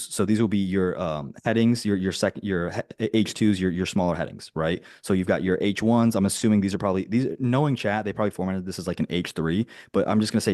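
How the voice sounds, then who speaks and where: A man with a fairly low voice coaches a group in a direct, flat, dry-humored way. He rambles, restarts his sentences and checks in with "right?". The sound is close and dry, with no room around it. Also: quick pace, few pauses, no echo. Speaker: business coach. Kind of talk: casual teaching on a group call.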